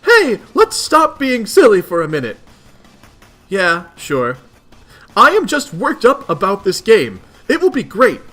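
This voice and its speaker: A man voicing a bubbly, excitable young female sea alien who keeps saying "glub" while reading a webcomic aloud. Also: high voice, unhurried, soft background music, pitched above the performer's own voice, exaggerated voice. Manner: gushing, says "glub" over and over.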